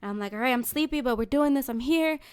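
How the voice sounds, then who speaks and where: A woman co-hosting a casual chat podcast, from New York City. She tells stories in a profane, animated way and laughs often. Her voice sits a little high. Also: fast talker, clear, resonant tone. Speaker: podcast co-host.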